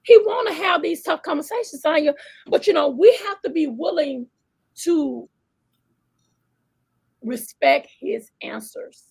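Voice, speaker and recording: A fervent woman guest preaches with feeling on a faith talk show. Her voice is high, with a gravelly fry at the bottom. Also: lively intonation, unhurried, pauses often, a little mellow. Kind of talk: faith-based conversation.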